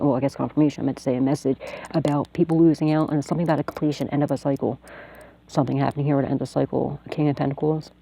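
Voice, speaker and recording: Gravelly, dark-voiced woman, profane and rambling. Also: low voice, rough recording. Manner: profane, rambling storytelling with many fillers. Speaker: tarot reader, channel host. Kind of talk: casual monologue and tarot reading.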